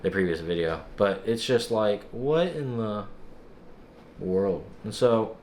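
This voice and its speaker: A young man casually vlogging, recounting a frustrating experience in an exasperated, animated way and acting out other people's lines. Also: fairly low pitch, slow pace, a little hiss or hum. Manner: exasperated, animated storytelling with quoted dialogue. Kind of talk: casual vlog recap.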